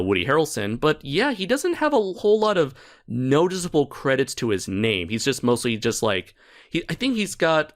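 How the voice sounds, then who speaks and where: A man hosting a casual chat, hesitant and filled with ums, laughing often. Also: medium pitch. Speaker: podcast host.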